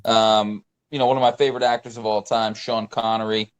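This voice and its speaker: A man's voice: fairly low pitch, flat delivery, a little fast, clean tone. A man co-hosting a casual movie podcast, enthusiastic and slangy, calling people dude and bro and reaching for sports metaphors. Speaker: podcast co-host.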